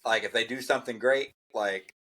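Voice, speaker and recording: A man co-hosting a podcast in relaxed casual chat, who laughs along and explains things to his partner. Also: mid-range voice, normal speed, rough recording. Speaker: podcast co-host.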